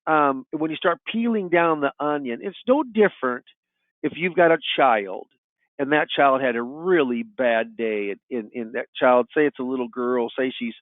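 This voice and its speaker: A man's voice: mid-range voice, normal speed, no echo. Middle-aged male sales coach, chatty storyteller, tinny dry call-in audio. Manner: folksy storyteller, repeats "you know what". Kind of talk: webinar talk with client anecdotes.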